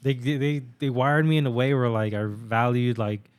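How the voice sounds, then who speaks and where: A man's voice: mid-range voice, moderate pace, clean tone. A young man co-hosting a podcast, telling stories in a rambling, profane casual chat with many fillers. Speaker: podcast co-host.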